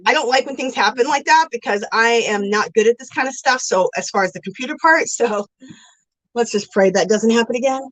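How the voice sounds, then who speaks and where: A woman's voice: fairly high pitch, brisk, a bit bright, no echo, rough recording. A woman hosting a casual crafting livestream, chatty and effusive as she greets viewers and reads their comments aloud, recorded on a phone. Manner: chatty and effusive, calls viewers girl and sweetie. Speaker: livestream host of a yarn crafting show.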